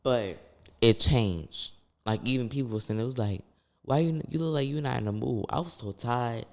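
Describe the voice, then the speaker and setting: A young man from New Orleans with a local accent, telling stories loudly in a casual interview and jumping up in pitch when excited. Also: moderate pace. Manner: loud animated storytelling, voice leaps up when excited. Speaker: guest dancer.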